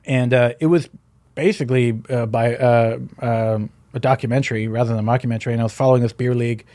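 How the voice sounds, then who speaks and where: A man's voice: medium pitch, steady tone, quick pace, warm tone, dry recording. A man who is a guest on a podcast, chatting in a casual, comedic way. He rambles, fills his talk with fillers and tells his stories jokingly. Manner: rambling, full of fillers, jokey.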